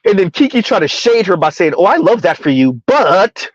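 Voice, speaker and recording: This South Florida reaction host speaks in a high, sing-song register, laying on sarcasm and emphasis, drawing words out and repeatedly throwing in "huh?". There's no echo, and the top end of the audio is clipped.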